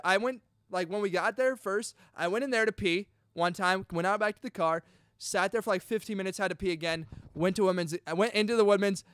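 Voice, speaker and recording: A young man hosting a podcast, excitedly telling a personal story in casual chat, full of dude and bro. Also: high voice, clear, resonant tone, dry recording, clean studio sound. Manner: chatty and excitable, peppers talk with dude and bro. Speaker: podcast host.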